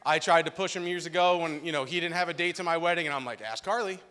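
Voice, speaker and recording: A young man with a bright, crisp voice gives a loud, joking wedding toast into a handheld microphone. He tells stories with a slightly emotional edge at a reception hall. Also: a little high, fairly even intonation, fast. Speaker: groomsman giving a toast.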